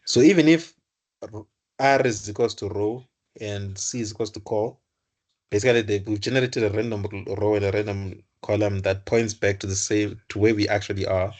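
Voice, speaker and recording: A man's voice: fairly low pitch, steady tone, normal speed. A young man tutoring computer science, explaining code aloud, often correcting himself and repeating words. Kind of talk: live coding lesson.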